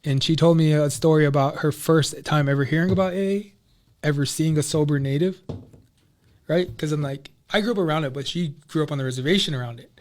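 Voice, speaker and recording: Guest, male, pitched a touch high; loose, rambling storyteller. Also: a little fast. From Minneapolis, USA. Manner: loose and rambling, heavy on "like" and "you know". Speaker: podcast guest. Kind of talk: casual personal storytelling.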